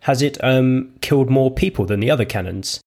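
A man's voice: mid-range voice, normal speed, darkish tone, pitched above the performer's own voice, close to an everyday voice. A man doing a giggly simple-minded young woman. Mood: innocent, chirpy.

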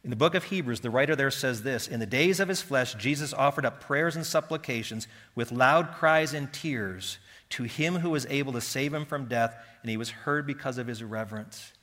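A man preaching a sermon with passion, dropping to hushed tones and rising to loud pleading. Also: mid-range voice, normal speed. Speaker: pastor. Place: church hall. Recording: reverberant hall.

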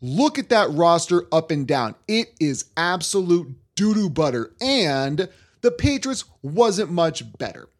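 A man hosting a sports talk podcast, ranting in a worked-up, animated way. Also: a little high, unhurried. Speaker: podcast host.

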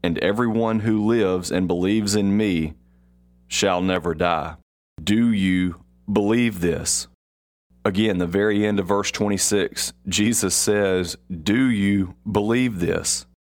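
Man, deep voice, unhurried, devotional Bible reading, repeats phrases for emphasis. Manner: slow and deliberate, repeats key phrases for emphasis. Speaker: podcast host.

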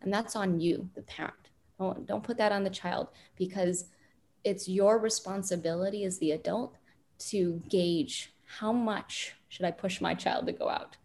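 A woman parenting expert calmly explaining advice in an interview, with many fillers. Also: medium pitch. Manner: calm, deliberate, frequent fillers.

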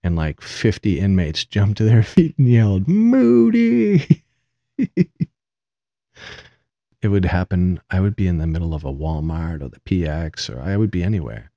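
A middle-aged man with an extremely deep voice tells a casual, rambling anecdote with an amused, self-mocking edge. The recording is dry and close, with a dull, lo-fi tone. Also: fairly quick, hardly any pauses, mellow, dry recording. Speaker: podcast host.

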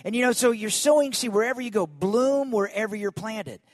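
Man, pastor, high voice, dry close sound, lively storytelling sermon, calls on listeners. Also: a little fast, dry recording. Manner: lively, calls on the congregation to respond.

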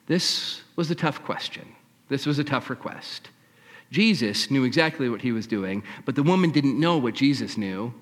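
A man's voice: mid-range voice, animated, normal speed, in a large hall. A male preacher retelling a scripture story with dramatic, shifting delivery. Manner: dramatic storytelling, shifting between hushed and raised. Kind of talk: sermon.

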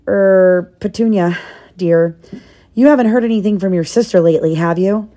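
A woman's voice: mid-range voice, normal speed, mellow, lightly acted. A woman reading a storybook aloud, voicing a nervous middle-aged husband who hesitates and mumbles.

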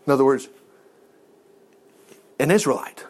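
A man preaching a sermon, retelling a Bible story in a folksy, animated way with quick asides. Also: medium pitch.

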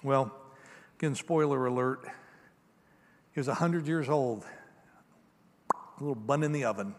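A man, a pastor, preaching a sermon in a casual storytelling way, moving between emphatic and hushed delivery. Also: medium pitch, a little slow. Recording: long reverb of a large hall.

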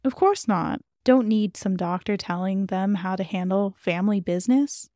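A woman's voice: mid-range voice, normal speed, dark tone, dry recording, studio quality, lightly acted. A woman voicing a proper, guarded churchgoing mother who speaks in a curt, restrained way.

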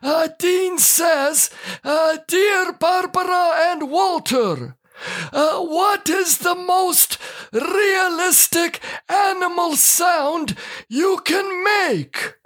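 A woman voicing halting husband Walter. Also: very high-pitched, fairly bright tone, full character voice. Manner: halting with constant "uh" fillers, broken English. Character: bumbling married man, Walter, halting broken English. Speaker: co-host of a comedy show. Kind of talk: scripted comedy sketch.

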